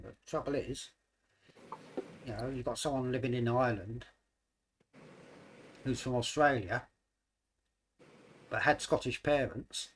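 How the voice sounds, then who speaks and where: A man's voice: mid-range voice, a little hiss or hum, rough recording. A man from the United Kingdom with a mixed British accent, chatting casually as host of a live stream, laughing often and trailing off mid-sentence. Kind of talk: casual chat.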